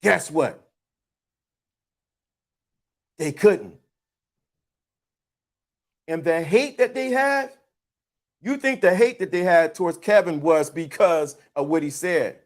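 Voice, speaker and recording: A man's voice: a little high, expressive, slow, long pauses. A man hosting a livestream, giving his blunt, preachy, teasing opinions to the chat in a casual, slangy way. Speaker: livestream host.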